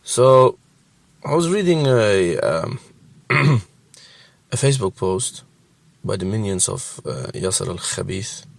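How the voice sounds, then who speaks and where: A man's voice: fairly low pitch, expressive, takes it slowly, creaky, long pauses. A man hosting a religious reaction show, giving scornful commentary and laughing mockingly between remarks.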